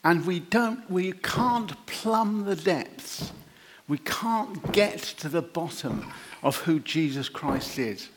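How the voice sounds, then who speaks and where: Animated, chatty male preacher. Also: on the high side, slow pace, slight background noise. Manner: animated, chatty, laughs often. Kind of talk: informal sermon.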